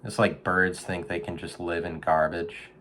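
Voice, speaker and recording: Deep-voiced man rambling deadpan. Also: moderate pace, a little hiss or hum. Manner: deadpan rambling, slips into loud mock pep-talk voice. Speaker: podcast host. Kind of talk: casual comedic monologue.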